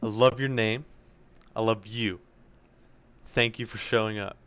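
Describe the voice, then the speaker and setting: A man's voice: on the low side, fairly even intonation, a little slow, a bit bright, no echo. A young man co-hosting a podcast, giving rambling, jokey thank-yous to listeners. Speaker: podcast co-host. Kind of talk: casual chat, listener shout-outs.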